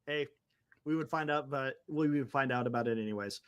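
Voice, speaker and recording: A man co-hosting a casual sports talk show, animated and exclamatory, urging listeners to stay calm. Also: medium pitch, brisk, clean tone, no echo, lo-fi sound. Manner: animated, exclamatory, calming others down.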